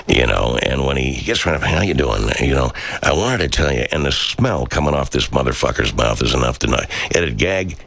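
A middle-aged man, a radio talk show host, chatting casually and answering viewer comments in a rambling, profane, animated way. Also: extremely low pitch, vocal fry, dry recording.

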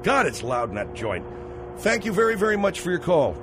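A man's voice: high-pitched, big pitch swings, fairly quick, background noise. A male call-in radio host who sounds exasperated and sarcastic with his callers. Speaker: radio talk show host.

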